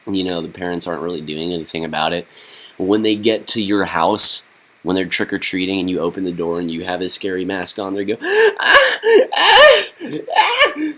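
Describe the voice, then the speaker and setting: A young man delivering a deadpan comedy monologue, halting and full of fillers. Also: low-pitched. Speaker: comedy vlogger.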